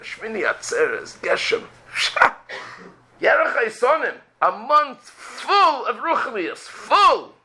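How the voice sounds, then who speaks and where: A rabbi delivers a religious lecture in a high, heavily gravelly voice with a bright, tense edge. He fires off rhetorical questions and acts out prayers in his own voice. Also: low-quality recording.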